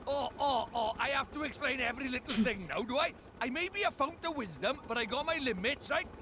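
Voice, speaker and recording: A squeaky-high, bouncy little fairy rambles in a cocky, sarcastic way. The game audio carries some noise. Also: male voice, expressive, brisk, vocal fry, exaggerated voice. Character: cheeky chatty male fairy sidekick.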